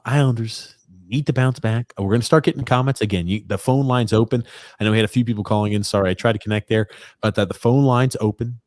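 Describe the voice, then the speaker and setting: A man's voice: mid-range voice, darkish tone, no room sound. A man hosting a sports podcast, laid-back and rambling, with many fillers, taking calls and reading comments. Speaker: podcast host. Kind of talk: casual sports chat.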